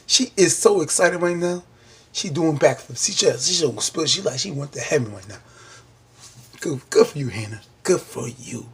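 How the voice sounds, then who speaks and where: A man with a husky voice, recapping a TV episode in an animated casual style, acting out the characters' lines. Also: fairly high pitch, normal speed. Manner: animated storytelling with churchy exclamations and acted-out lines. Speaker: TV episode reviewer.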